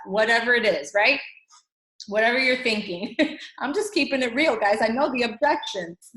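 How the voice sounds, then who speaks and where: Upbeat woman team coach, slightly high voice, echoey room, animated pep talk. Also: normal speed. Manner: animated, acts out quoted dialogue. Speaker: fitness coach team leader. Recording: roomy echo.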